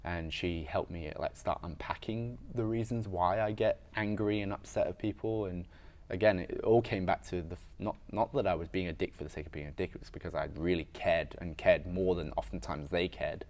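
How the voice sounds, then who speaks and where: Very deep-voiced man, candid. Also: fairly even intonation, brisk, darkish tone. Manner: frank and reflective, casual with frequent fillers and swearing. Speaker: podcast guest, weightlifter and strength coach. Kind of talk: candid conversational storytelling.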